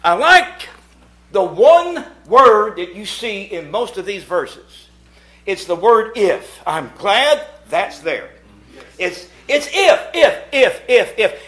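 A middle-aged man preaching a sermon at a church meeting. He swings from hushed asides to shouted points. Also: sits high, sing-song, slow. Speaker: pastor.

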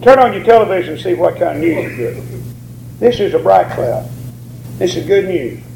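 A man's voice: sits high, expressive, moderate pace, vocal fry, a little mellow, roomy sound, slight background noise, poor audio. A man preaching a sermon, drawing out key words and rising on them for emphasis.

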